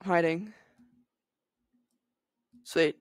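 A woman's voice: lowish voice, very slow, dry recording. A young woman giving casual, giggly commentary as she plays an online game, chatting to her viewers. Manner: giggly, bubbly, talks to viewers. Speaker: gaming video creator.

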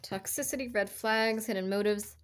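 A woman's voice: mid-range voice, fairly even intonation, normal speed. Rambling, chatty woman reading tarot cards. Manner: rambling, full of "like" fillers and restarts; chatty and encouraging, laughs between thoughts. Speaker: tarot card reader. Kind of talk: casual spoken tarot reading.

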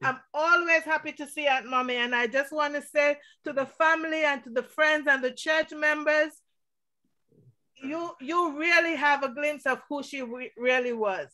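A woman's voice: high-pitched, moderate pace, bright, forceful tone. A middle-aged woman from Montserrat giving a tribute at a memorial service over a video call, telling a family story with laughter.

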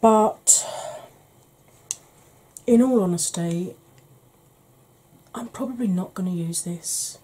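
A woman chatting casually as a beauty vlogger, easygoing and quick to laugh, with the odd mild swear. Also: on the low side, dark tone, breathy edge. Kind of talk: casual makeup declutter chat.

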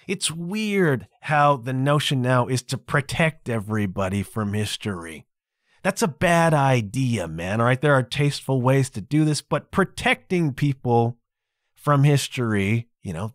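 A man's voice: medium pitch, no room sound, clean studio sound. A man hosting his own podcast, giving casual solo commentary in an emphatic, wry, opinionated way with frequent asides. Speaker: podcast host.

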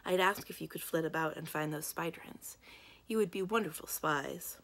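A woman reading the part of a nervous, earnest young girl training as a page, in a low, gravelly voice. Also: moderate pace. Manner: nervous, quiet.

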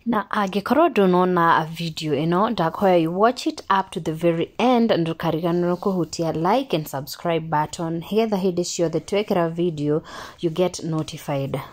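Woman, gossip news narration, slow and steady, lowish pitch.

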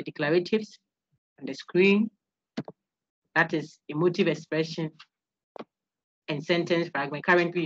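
Woman lecturer, husky low voice, dry lo-fi call audio. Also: no room sound. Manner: animated, laughs often, asks students questions. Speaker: university lecturer. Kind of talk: interactive online lecture.

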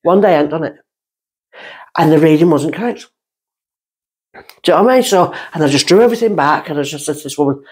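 A middle-aged woman with a slightly husky voice talks as a guest on a podcast. She tells her stories in an animated, casual way and slips into little voices for the people in them. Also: low-pitched, quick pace, long pauses. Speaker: guest medium. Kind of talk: casual storytelling chat.

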